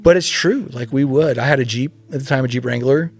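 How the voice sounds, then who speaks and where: A man around fifty, a podcast guest, telling a story in casual chat, animated, acting out voices and laughing often. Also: medium pitch, a little fast, faint music behind.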